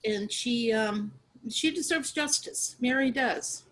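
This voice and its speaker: A middle-aged woman, a guest in an interview, talking about her late sister in an earnest, halting way, with many fillers and restarts. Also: fairly high pitch, fairly bright tone, low-quality recording. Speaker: guest, sister of a murder victim.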